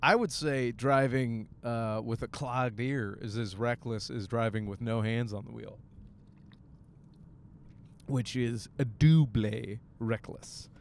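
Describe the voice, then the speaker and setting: A man's voice: unhurried, few pauses, a little hiss or hum. A young man from Michigan, a stand-up comic hosting his own podcast, rambling crude jokes in casual talk while riding a bus. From Michigan, USA. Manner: crude, jokey, animated with sudden high-pitched bits.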